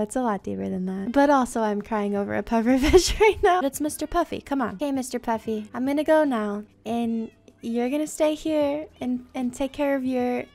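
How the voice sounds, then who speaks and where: Chatty young woman gaming YouTuber. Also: on the high side. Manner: chatty, playful, self-deprecating. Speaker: Minecraft YouTuber. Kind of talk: casual gameplay commentary.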